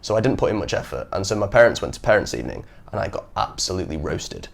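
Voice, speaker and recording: A young man hosting a podcast, telling stories in a casual, animated way and acting out the people he quotes. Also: low voice, fast talker, vocal fry. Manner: animated storyteller who acts out quotes. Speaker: podcast host. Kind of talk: casual chat.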